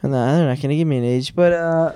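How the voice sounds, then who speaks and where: A man's voice: fairly high pitch, a little fast, mellow, clean tone, no echo. A man co-hosting a podcast, leading the segment with a teasing, joking manner. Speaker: podcast co-host. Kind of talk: casual chat.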